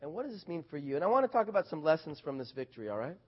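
A man preaching a casual sermon, animated, swinging from loud bursts to quiet asides. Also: on the high side, very fast, slightly rough, highs cut off.

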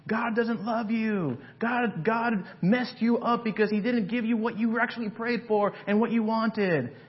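A man's voice: high-pitched, unhurried, dull audio, pitched above the performer's own voice. A man voicing a spiteful male devil, mocking and taunting in a raised voice.

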